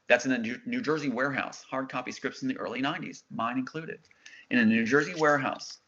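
Middle-aged male guest, insistent storyteller, forceful bright tone, lo-fi audio. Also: mid-range voice. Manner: intense, insistent, quotes others' words. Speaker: interview guest. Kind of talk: emotional storytelling. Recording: dull lo-fi sound.

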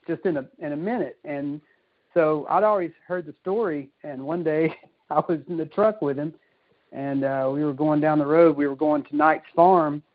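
A man's voice: on the high side, dry recording. A man with a slightly raised voice tells a casual story, laughing throughout. The call audio is dry and dull. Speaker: call participant.

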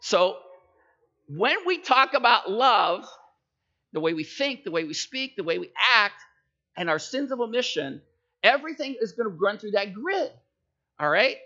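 A man's voice: high voice, sing-song, normal speed, long pauses, sharp tone, dull audio. A man preaching a sermon in a conversational way, telling jokes and stories and checking in with his listeners. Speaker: pastor.

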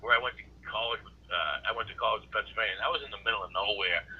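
A man, a comedian guest telling rambling, animated anecdotes in a casual interview. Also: lowish voice, very fast, breathy edge. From Boston area. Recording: muffled lo-fi audio.

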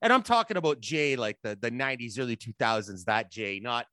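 A man hosting a casual chat, enthusiastic and swearing often, with halting restarts. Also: mid-range voice, expressive, bright, forceful tone, dry recording. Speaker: podcast host.

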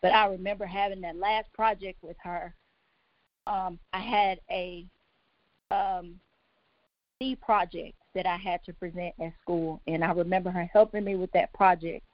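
A woman telling her own life story on a talk show, halting with many pauses and restarts, emotional and close to tears. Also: lowish voice, steady tone, no echo. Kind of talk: personal testimony on a talk show. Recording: dull, lo-fi, dry sound.

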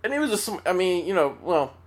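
A man's voice: high-pitched, sing-song, quick pace. A man hosting a solo podcast, telling a story in a rambling, profane way with many restarts. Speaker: podcast host.

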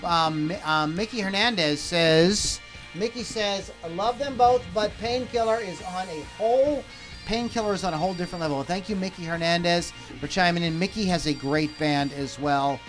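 A man with a fairly high voice hosts a casual live podcast. He rambles, restarts his sentences and chats loosely, with faint music behind him. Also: moderate pace, fairly bright tone. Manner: rambling, self-interrupting, reads out viewer comments. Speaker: podcast host.

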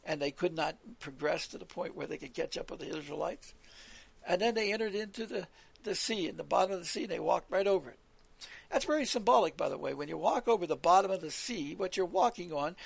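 Gravelly, husky male preacher. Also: fairly high pitch, a little fast, dry recording. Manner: earnest, rambling, repeats words and restarts. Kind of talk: scripture teaching on a radio call.

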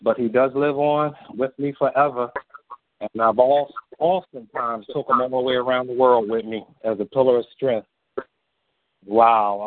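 A man calling in to a radio show, holding back tears as he speaks with slow, halting, heartfelt pauses. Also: mid-range voice, fairly even intonation, no echo. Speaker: caller. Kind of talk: emotional tribute on a call-in show. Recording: dry, tinny phone line.

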